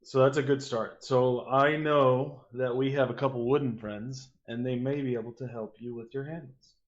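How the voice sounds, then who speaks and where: A man's voice: medium pitch, steady tone, normal speed. Laid-back guy playing dnd, kinda muffled audio. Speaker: player. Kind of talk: casual tabletop play. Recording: slightly dull lo-fi audio.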